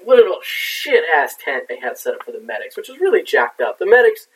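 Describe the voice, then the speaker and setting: A man's voice: high-pitched, big pitch swings, a little fast. A man telling a war story in casual talk, rambling and swearing with lots of fillers. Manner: profane, rambling with many fillers. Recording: distant mic.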